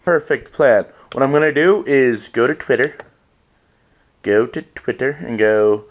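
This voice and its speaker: A man's voice: mid-range voice, animated, a little slow. A young man vlogging casually on his own at home, rambling and self-mocking, swearing freely. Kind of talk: casual solo vlog.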